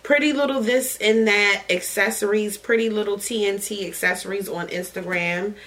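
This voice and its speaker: Excitable, foul-mouthed woman podcast host. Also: medium pitch, normal speed, slight background noise, poor audio. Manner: excitable, gushing, swears freely. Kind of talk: casual chat.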